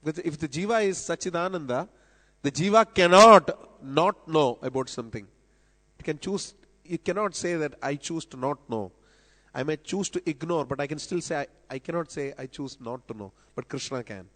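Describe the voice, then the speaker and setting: A man delivers a devotional sermon in a temple hall, his somewhat higher voice carrying a long reverb. He explains scripture patiently and lifts his voice when he quotes a verse. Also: lively intonation, moderate pace, fairly bright tone. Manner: explanatory, quotes scripture with rising emphasis, coughs now and then. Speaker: speaker at temple festival lecture. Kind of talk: devotional lecture.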